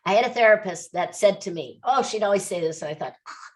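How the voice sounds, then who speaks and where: A woman speaking as a podcast guest, pressing her points home with animated, repeated phrases. Her voice sits at a middle pitch. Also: quick pace. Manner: emphatic, animated storytelling with repetition. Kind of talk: interview.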